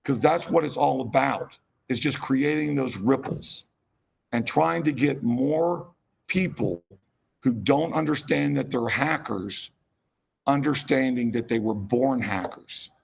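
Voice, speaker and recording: A man's voice: mid-range voice, takes it slowly. A man giving a passionate, rambling conference keynote with self-deprecating asides. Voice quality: gravelly, husky. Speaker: keynote speaker.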